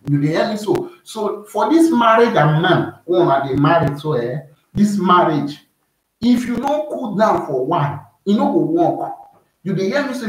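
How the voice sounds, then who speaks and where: A man from Nigeria talks in a high voice with a Nigerian Pidgin accent, lecturing in a casual, repetitive way. He keeps checking that his listeners are with him. His voice rings through a very echoey room, well away from the mic. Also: recorded from a distance, a little hiss or hum. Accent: Nigerian Pidgin English. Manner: preachy, repeats himself, keeps asking "you dey hear me". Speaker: YouTube vlogger giving advice. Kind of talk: casual advice monologue.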